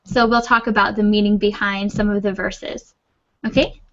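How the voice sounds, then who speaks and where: A woman's voice: mid-range voice, little pitch movement, moderate pace, dull audio. A woman teaching an English class over a video call, patient and reassuring. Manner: patient, reassuring, laughs often. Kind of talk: online class, friendly explaining.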